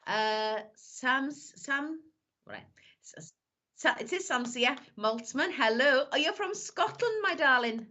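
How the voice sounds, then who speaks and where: Speaking slowly in a high, animated voice with a sharp tone, this woman is a psychic medium on a live stream. She chats affectionately, greeting viewers, doing readings and addressing everyone as "my lovely," though the audio is dull.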